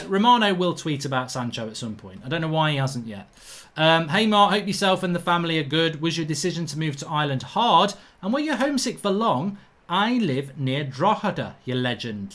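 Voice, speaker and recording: A man's voice: on the high side, big pitch swings, normal speed, fairly bright tone. A middle-aged man from England hosting a live football watchalong, reading viewer comments and bluntly ranting about the referee in colloquial talk.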